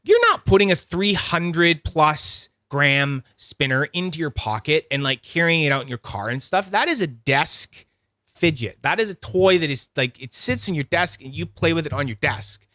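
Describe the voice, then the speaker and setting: A man with a fairly high voice hosts a casual livestream, rambling and chatty with a loose, profane streak. He greets his viewers by name as he goes. The sound is close and dry with no room in it. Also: sing-song, moderate pace, pushed and bright, no room sound. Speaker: host of a livestream review channel.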